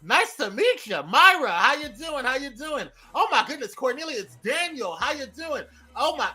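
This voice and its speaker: A man hosting a live morning show, greeting viewers by name in a lively, playful way. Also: very high voice, moderate pace, over a noisy crowd.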